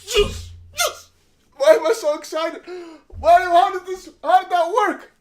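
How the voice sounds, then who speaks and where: A man hosting a live crypto stream, excitable and rambling, out of breath and self-mocking. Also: very high-pitched, moderate pace, slight background noise. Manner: excitable, shouting and laughing with relief. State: out of breath, sweating. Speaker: crypto livestream host.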